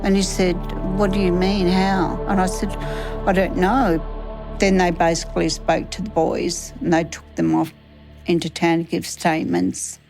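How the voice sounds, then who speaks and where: A woman's voice: on the low side, little pitch movement, darkish tone, faint music behind, rough recording. Woman in her sixties, retelling. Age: 60s. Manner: halting, reliving events, quoting others. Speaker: interviewee. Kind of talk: recounting a personal ordeal in an interview.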